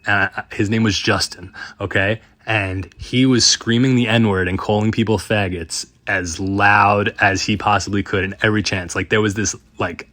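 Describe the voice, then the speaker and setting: Guy in his 30s rambling through a story, laughs a lot, low voice, dry mic. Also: pushed and bright, no room sound. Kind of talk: casual storytelling.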